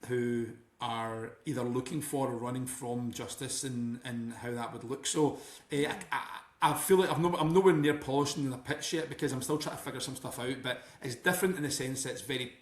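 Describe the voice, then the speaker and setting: A man's voice: medium pitch, brisk, hardly any pauses. A Scottish man talking casually as a podcast guest, rambling and often restarting his sentences. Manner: rambling, many restarts and "you know". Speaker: guest author and teacher. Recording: roomy echo.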